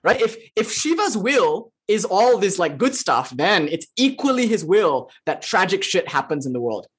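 A spiritual teacher giving an informal lecture with chanting, talking in an animated, flippant, joking way and swearing casually. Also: medium pitch, normal speed, slightly rough. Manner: animated and expressive.

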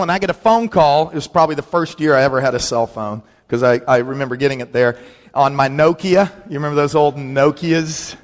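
A middle-aged man, a pastor, telling humorous personal stories in a sermon and acting out friends' voices. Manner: storytelling, animated, acts out quoted friends in a higher voice. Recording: long reverb of a large hall.

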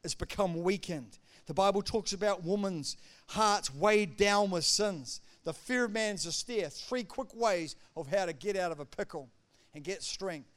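With a high-pitched voice and a measured pace, this male pastor moves between booming proclamations and hushed asides in an emphatic sermon.

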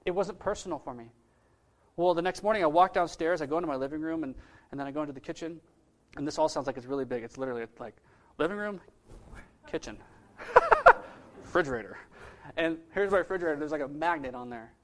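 A man, a pastor, telling a story in a sermon with lively, casual delivery that swings between loud bursts and hushed moments. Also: a little high, quick pace.

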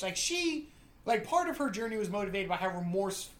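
A woman chatting casually about a movie, animated, swearing now and then and acting out lines in character voices. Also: medium pitch, brisk. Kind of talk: casual movie review chat. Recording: echoey room.

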